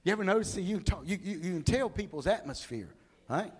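Lively high-voiced preacher. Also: male voice, fast talker, breathy edge. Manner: animated storytelling, acts out people. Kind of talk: humorous sermon.

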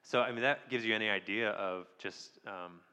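A man speaking as a missionary guest, measured and hesitant with many pauses. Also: on the low side, pushed and bright, clean tone. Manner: measured, many ums, restarts. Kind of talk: church interview answer. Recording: long hall reverb.

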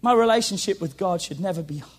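A male pastor with a high voice delivers a sermon, calling out to the congregation and repeating key lines. He swings between loud shouting and low, hushed storytelling. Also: fast.

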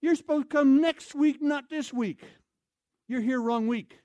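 A preacher putting on a frantic camp manager in broken English. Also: male voice, very high-pitched, a little slow, no echo, voice pushed up. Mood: alarmed shouting. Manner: shouting, clipped broken English.

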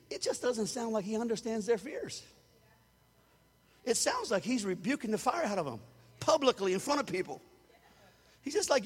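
A man preaching a sermon as pastor, animated and preachy, rising into loud shouts. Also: very high-pitched, brisk, long reverb tail.

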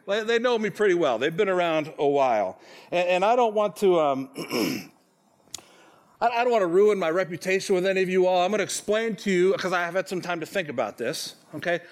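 A pastor in his forties preaches to his congregation with a high voice and an easy, conversational delivery. He pokes fun at himself and keeps checking in with "okay?" as he talks. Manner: conversational, self-deprecating, frequent "okay?" check-ins. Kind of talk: sermon. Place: church sanctuary.

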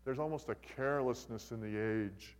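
An older male pastor delivers a sermon in a conversational, folksy manner, slipping in humorous asides. His voice sits at a middling pitch, and a long hall reverb trails after each phrase. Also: moderate pace.

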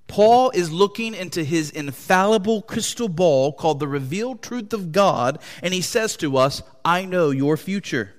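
A pastor preaching a sermon to his congregation, with an impassioned delivery that swings between loud, high emphasis and quiet, low tones. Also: expressive, moderate pace, hardly any pauses. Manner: impassioned preaching with wide swings in pitch and loudness. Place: church hall. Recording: long hall reverb.

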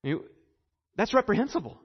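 A man with a high voice preaches a sermon, leaning on repeated phrases and dramatic pauses. His earnest delivery carries a long hall echo. The recording sounds dull and muffled. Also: sing-song, slightly rough. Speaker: pastor.

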